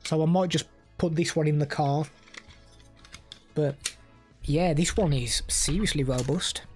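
A man's voice: fairly high pitch, unhurried, soft background music. A young man chatting casually on a live stream, rambling and answering chat messages.

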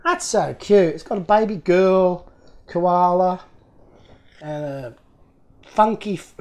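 Speaking slowly in a high voice with frequent pauses, an Australian man hosts his YouTube channel and unboxes toy models. A model car restorer by trade, he keeps things chatty and meandering, often joking about himself.

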